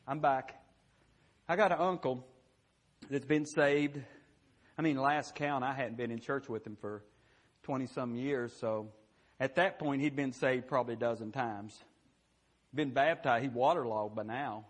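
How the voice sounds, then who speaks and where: Male preacher, high voice, chatty down-home delivery, sermon in a church. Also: normal speed. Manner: folksy, conversational, repeats "you know what?".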